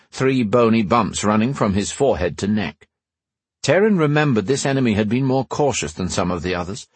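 A man giving steady, measured scripted narration of a fantasy audiobook in a slightly husky voice. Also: on the low side, no echo.

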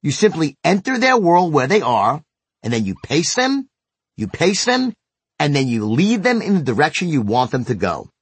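A man with a husky, slightly breathy voice teaches sales technique, his pitch swinging up and down as he drives points home. He talks bluntly and emphatically and isn't shy about a curse word, and the sound is close and dry with no room in it. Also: huge pitch swings, normal speed, dry recording. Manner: blunt and emphatic, with occasional swearing. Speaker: sales trainer. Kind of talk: instructional narration.

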